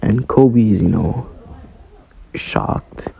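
Dude narrating a fan story, lots of ums, slow and mellow. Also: male voice, fairly low pitch, creaky, slight background noise, rough recording. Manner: hesitant, full of fillers.

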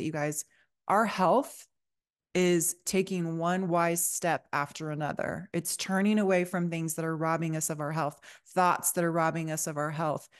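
Earnest woman with a lowish voice. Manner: earnest and encouraging, often checking in with "okay?". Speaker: podcast host. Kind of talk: faith-based podcast talk.

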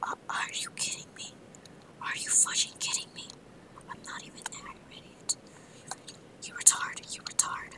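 A woman's voice: high voice, lively intonation, normal speed, long pauses, poor audio. A woman narrating her own gameplay, muttering to herself in a half-whisper with frustrated outbursts. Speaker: gamer. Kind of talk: let's play commentary.

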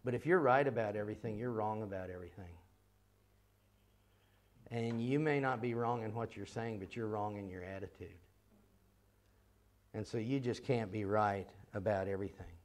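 A man with a lowish voice gives a seminar talk in an earnest, emphatic manner. He hammers key phrases again and again and rattles off strings of rhetorical questions. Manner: rhetorical questions in quick runs. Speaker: seminar teacher for a ministry.

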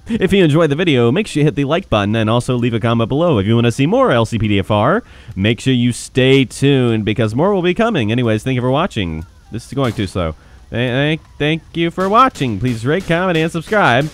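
A man doing playful role-play gaming commentary on a headset mic, excitable and profane, bursting into shouts. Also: medium pitch, a little fast. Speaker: gameplay commentator.

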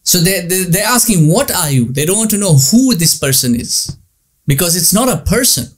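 A man's voice: high voice, animated, moderate pace. A man giving a religious lecture, emphatic, repeating points and asking rhetorical questions.

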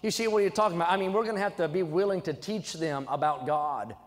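Young male preacher, fairly high voice, emphatic sermon delivery, reverberant sanctuary. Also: quick pace. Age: young adult. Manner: emphatic, swings from low asides to loud exhortation. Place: church sanctuary. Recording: church sanctuary with long reverb.

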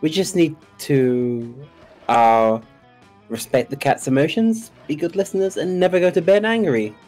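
A dreamy, easygoing young character with an airy, offhand delivery, voiced by a woman. The voice sits extremely low for a woman, with faint music underneath. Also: expressive, a little slow, darkish tone. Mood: breezy.

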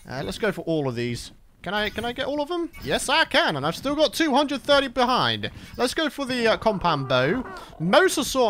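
A let's play host giving gameplay commentary, excitable and given to loud outbursts of frustration and triumph. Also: mid-range voice, slight background noise.

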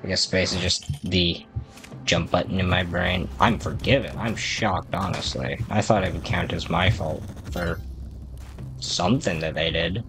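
Low-voiced man with casual game commentary. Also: unhurried. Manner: self-deprecating, rambling, talks to the game. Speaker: gaming video creator. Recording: music playing behind the voice.

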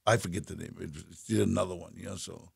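An older man in his seventies, a guest in a casual interview, telling stories with laughter and acted-out quotes in a husky voice. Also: low voice, steady tone, quick pace, heavy background noise. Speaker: guest actor.

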